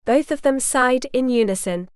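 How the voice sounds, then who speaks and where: A woman narrating a historical romance audiobook in measured, scripted storytelling. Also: sits high, smooth, no echo, studio quality.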